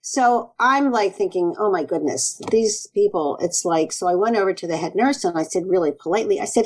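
Animated woman doctor telling stories. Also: medium pitch, brisk, hardly any pauses, slightly rough, low-quality recording. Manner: earnest, animated storytelling with quoted asides. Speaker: naturopathic doctor, guest. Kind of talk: conversational interview.

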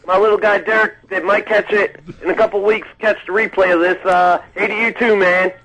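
Excitable high-voiced man calling in. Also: fairly quick, low-quality recording. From North Carolina. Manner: loud, enthusiastic cheering. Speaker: phone-in guest picker. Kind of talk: casual sports chat.

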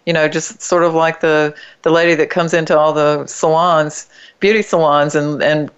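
A woman's voice: deep voice, flat delivery, moderate pace, clean tone, muffled recording. A woman co-hosting a radio talk show, speaking earnestly and stressing her points. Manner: earnest, emphatic, repeating words. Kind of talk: casual radio discussion.

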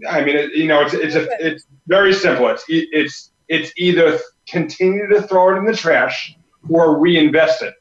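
A man speaks in a halting way with restarts, picked up from the back of a studio. The sound is roomy and dull. His voice sits slightly high. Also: far from the mic. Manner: halting, repeats words. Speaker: business partner guest. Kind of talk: talk-show chat.

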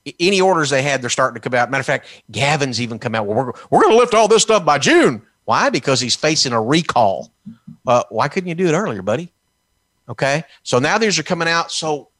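A man from Texas delivering a fiery political commentary, sarcastic and combative. His voice sits at an ordinary middle pitch. The sound is dry and close, with no room echo. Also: a bit bright. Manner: combative and sarcastic, mocking officials in put-on quotes. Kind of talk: heated political talk.

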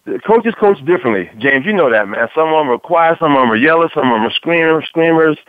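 A man's voice: on the high side, expressive, dry recording. A man co-hosting a casual sports talk radio show, a former player speaking conversationally and often tagging lines with "man.". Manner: conversational, drawn-out, repeats "man". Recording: dry, tinny phone-like radio sound.

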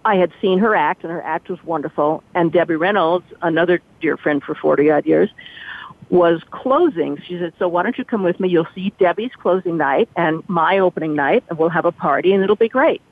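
A woman's voice: lowish voice, a little fast, no echo. An older woman, a former entertainment reporter, recounting behind-the-scenes stories as an interview guest and acting out what others said. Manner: animated storyteller who acts out quoted speech. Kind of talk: storytelling interview. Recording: tinny dry phone line.

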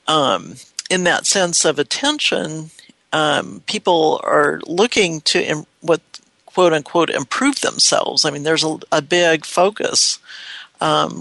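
A radio co-host in a reflective talk show chat, speaking thoughtfully with pauses and restarts. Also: medium pitch, vocal fry, bright, forceful tone, no room sound.

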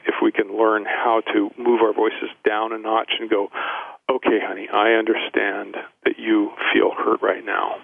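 A man with a low, gravelly voice, calling in as a relationship coach and explaining slowly with many restarts. The sound is a dry, tinny phone line. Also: no room sound. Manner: halting, repeats words as he explains.

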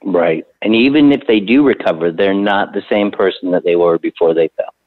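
Man, hospice doctor, low-pitched, patient explainer, restarts phrases, tinny phone-call sound. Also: moderate pace, dry recording. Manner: calm, explanatory, repeats words while thinking. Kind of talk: casual interview conversation. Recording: tinny phone-line audio.

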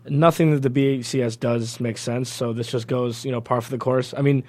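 A man's voice: mid-range voice, steady tone, normal speed, a little mellow, dry recording. Man giving his sports take, dry mic. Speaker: studio co-host. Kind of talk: casual sports radio talk.

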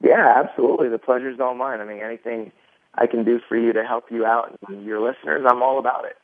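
A man's voice: mid-range voice, fast, background noise. A man in his thirties, a podcast guest, telling his story in a rambling casual way with many fillers. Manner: rambling, lots of fillers, animated retelling. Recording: tinny phone line.

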